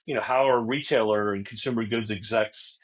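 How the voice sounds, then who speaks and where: Relaxed man, casual guest talk. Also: fairly low pitch, fairly quick. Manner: relaxed, many fillers and restarts. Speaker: guest, technology executive.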